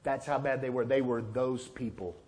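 A man preaching a sermon as a pastor, from Texas, swinging between loud, high bursts and quiet, low asides as he acts out conversations. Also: steady tone, normal speed. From Texas, USA.

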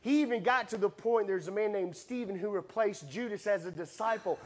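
A male preacher with a fairly high voice delivers a sermon. He tells the story in a lively way, swinging from loud bursts to hushed asides and acting out the voices. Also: brisk.

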